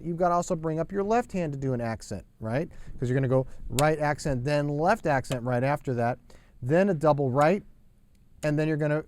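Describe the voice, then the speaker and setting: A man's voice: fairly high pitch, a little mellow. A man teaching a drum lesson, explaining step by step and calling out hand patterns aloud. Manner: patient, step-by-step, counts sticking patterns aloud. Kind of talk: instructional lesson.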